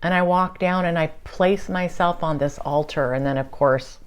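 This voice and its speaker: A woman hosting her own show, giving an earnest, halting spiritual monologue with many fillers and restarts. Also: lowish voice, clean tone. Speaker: channeler and show host.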